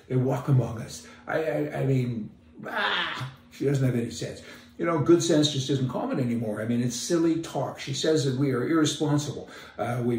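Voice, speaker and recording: A man's voice: mid-range voice, slight background noise. A man giving an opinionated, folksy monologue as a commentator, sarcastic and emphatic. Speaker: political commentator. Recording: roomy, distant mic.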